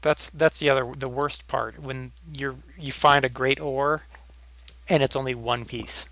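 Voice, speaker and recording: A man's voice: mid-range voice, fairly even intonation, unhurried, a bit bright, poor audio. A man hosting a let's play, chatting casually while playing and sometimes dropping to a near whisper as he concentrates. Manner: drops to a near whisper while focused on the game. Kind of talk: casual gameplay chat.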